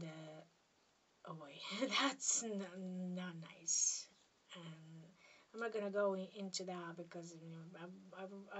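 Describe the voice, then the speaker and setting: A woman from Serbia with a Serbian accent, a spiritual healer talking to camera in a hesitant, halting way that keeps dropping into soft near-whispers. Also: medium pitch, far from the mic. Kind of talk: casual monologue to camera.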